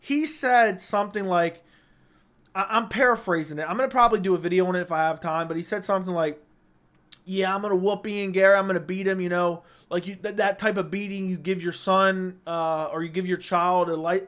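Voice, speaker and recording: Young male streamer, higher voice, blunt quick takes, home studio mic. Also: steady tone, fairly bright tone. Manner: blunt, opinionated, quick verdicts. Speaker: livestream host reading viewer comments. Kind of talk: casual livestream chat. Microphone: studio microphone.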